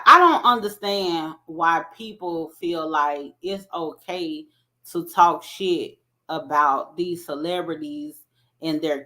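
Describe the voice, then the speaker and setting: A woman with a lowish, bright voice and a forceful tone hosts a casual commentary vlog. She talks conversationally and keeps checking in with listeners by asking "right?"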